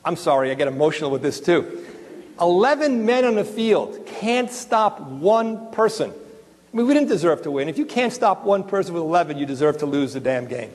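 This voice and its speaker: A middle-aged man giving a live lecture to dentists in an animated, joking way, swearing now and then. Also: fairly high pitch, moderate pace. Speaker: dental emergency lecturer. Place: lecture room with an audience. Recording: long reverb of a large hall.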